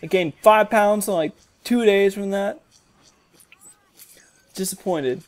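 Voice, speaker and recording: A gamer giving jokey, excitable commentary over a shooter game, yelling at other players with sudden leaps in pitch. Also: measured pace, pauses often. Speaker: gaming commentator. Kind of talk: gameplay commentary.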